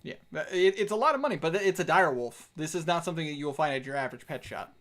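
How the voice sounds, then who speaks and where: A man narrates as dungeon master in a tabletop game played over voice chat. His pitch swings widely as he talks, and he rambles and restarts his sentences. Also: animated, fast talker, a bit bright. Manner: rambling, restarts often, laughs. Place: home, voice chat.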